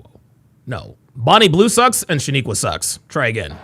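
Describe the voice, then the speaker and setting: A man hosting a live reaction stream, reading viewer comments aloud with loud, crude, mocking banter that swings between yelling and mumbling. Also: medium pitch, huge pitch swings, normal speed, creaky, background noise. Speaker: reaction show host.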